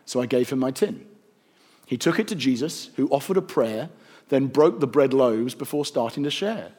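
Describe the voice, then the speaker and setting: A man narrating a rhyming story in a gentle, rhythmic storytelling manner. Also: medium pitch, expressive, moderate pace, breathy edge.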